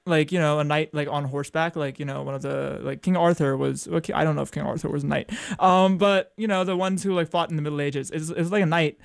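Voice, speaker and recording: A man's voice: fairly high pitch, fairly even intonation, quick pace, vocal fry. A young man hosting a college radio show, chatting casually between songs with many ums and self-corrections. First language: French.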